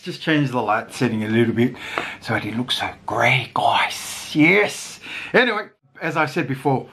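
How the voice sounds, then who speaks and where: A man's voice: medium pitch, expressive, normal speed, fairly bright tone, slightly rough. A man chatting casually at home as a family vlogger, eating and laughing between bites. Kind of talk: casual mukbang chat.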